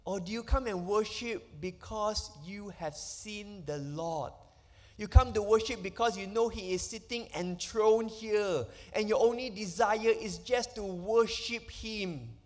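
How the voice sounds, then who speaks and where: A man's voice: high-pitched, measured pace. A man, a pastor preaching an emphatic sermon full of rhetorical questions in a church sanctuary. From Malaysia. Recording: long reverb of a church hall.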